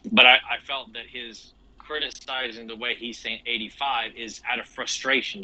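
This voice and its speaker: Bright-voiced man in casual podcast chat. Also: medium pitch, steady tone, normal speed, few pauses, poor audio. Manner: rambling, many restarts and "you know". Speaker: podcast co-host.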